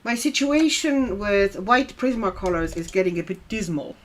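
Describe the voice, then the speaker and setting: A woman's voice: medium pitch, lively intonation, moderate pace, a little hiss or hum. Chatty woman hosting a coloring livestream. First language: not English. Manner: chatty, reads viewer comments aloud and laughs often. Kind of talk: casual livestream chat while coloring.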